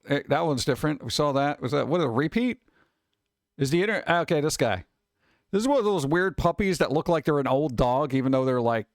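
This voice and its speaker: A man hosting a live stream, talking casually and chattily with relaxed asides. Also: mid-range voice, dry recording, clean studio sound. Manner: laid-back, chatty, trailing off into asides. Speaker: streamer host.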